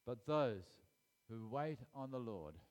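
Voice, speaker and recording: A man delivering a sermon in an emphatic, earnest way. He repeats his key points and lifts his voice sharply to stress them. His pitch sits in an ordinary middle range. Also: expressive, takes it slowly, a little mellow. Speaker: preacher.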